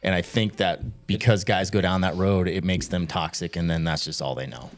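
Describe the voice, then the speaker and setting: A man's voice: sits low, normal speed. A man who served as a police officer, speaking earnestly and reflectively in a candid podcast conversation. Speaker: guest, former police officer.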